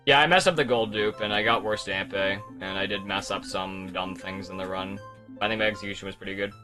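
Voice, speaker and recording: A man's voice: on the low side, fairly even intonation, fairly quick, pushed and bright, faint music behind. A young man streaming a speedrun, talking in a frustrated, rambling way and swearing as he goes over his mistakes. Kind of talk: casual live-stream commentary.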